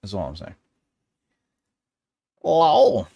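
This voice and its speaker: A man's voice: fairly high pitch, wildly swooping pitch, moderate pace, vocal fry, long pauses, dark tone, husky. A man in his forties, host of a casual live chat with his viewers, rambling and jokey and often laughing. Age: 40s. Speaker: livestream host.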